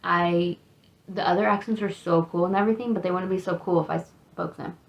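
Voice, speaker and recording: A woman's voice: on the low side, fairly even intonation, brisk, creaky. A woman in her thirties with an American accent, chatting casually and rambling a little in a self-deprecating get-to-know-me vlog. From United States. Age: 30s. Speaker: vlogger.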